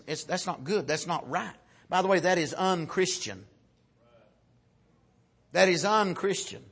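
A man preaching a folksy sermon, swinging from loud shouted peaks down to low, quiet asides. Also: husky.

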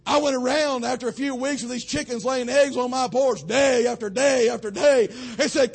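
Young male pastor, husky and raspy, fiery preaching cadence. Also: steady tone, normal speed, hardly any pauses. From western North Carolina. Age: young adult. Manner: preaching cadence, swelling to shouts then dropping low. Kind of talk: sermon.

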